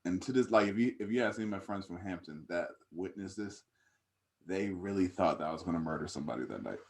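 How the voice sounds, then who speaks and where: Young male podcast co-host, low voice, laid-back storyteller who laughs as he gets riled up. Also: expressive, quick pace. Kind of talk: casual storytelling.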